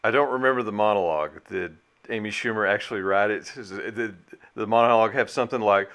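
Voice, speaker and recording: Man co-host, lowish smooth voice, bright tone, deadpan jokes. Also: brisk. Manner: dry, jokey. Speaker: reaction video co-host. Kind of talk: casual commentary.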